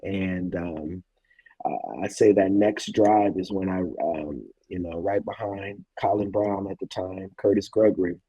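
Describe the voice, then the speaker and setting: A man in his thirties, a former college football player, recounting a game in a reflective, halting way with many fillers. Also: deep voice, dark tone, breathy edge, no room sound, low-quality recording. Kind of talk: casual interview storytelling.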